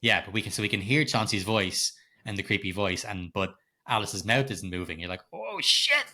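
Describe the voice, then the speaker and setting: A middle-aged man with a fairly low voice that rings bright and forceful. He co-hosts a casual podcast, retelling a film scene with lively, profane storytelling. His talk is loose and chatty, broken by easy laughter. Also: fairly quick. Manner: animated storytelling, heavy swearing, frequent laughter. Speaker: podcast co-host. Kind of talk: casual film-recap chat.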